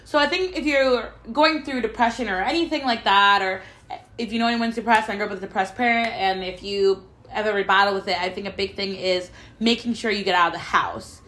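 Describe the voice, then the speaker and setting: A woman's voice: medium pitch, fairly quick, a bit bright. A young woman hosting a casual chat, telling a personal story bluntly, swearing often and acting out what others said. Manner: candid storytelling with frequent swearing and quoted dialogue. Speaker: podcast host.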